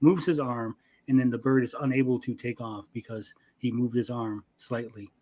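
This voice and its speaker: A man co-hosts a casual anime podcast and retells episodes with lively energy. He swears freely and breaks into quick acted-out quotes. His voice sits at an ordinary middle pitch. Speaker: anime review podcast co-host. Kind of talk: casual chat.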